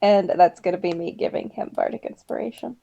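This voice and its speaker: A woman's voice: fairly low pitch, brisk, gravelly, mellow. A woman playing in a tabletop game, speaking lightly and playfully. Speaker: player. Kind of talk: casual tabletop play. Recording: dull lo-fi mic.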